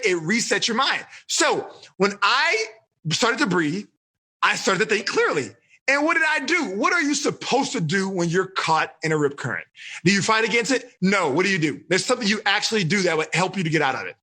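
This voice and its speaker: A man coaching teenagers in a live seminar, quizzing them with lively questions and explaining in a casual, energetic way. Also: high-pitched, brisk, slightly rough. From Texas. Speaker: life coach teaching teens.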